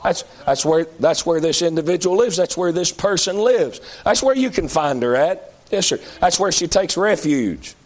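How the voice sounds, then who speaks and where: A man preaching a sermon, moving between loud high-pitched calls and low pleading appeals. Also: lively intonation, moderate pace, hardly any pauses.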